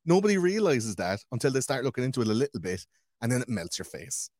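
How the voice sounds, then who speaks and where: A man hosting a podcast in casual chat, talking in a profane, rambling, animated way. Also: mid-range voice, fast, no room sound, studio quality.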